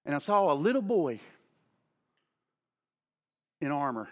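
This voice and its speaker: A middle-aged man preaching a sermon as pastor, fervent and emphatic, swinging between shouting and hushed tones. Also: fairly high pitch, sing-song, unhurried, big-room sound.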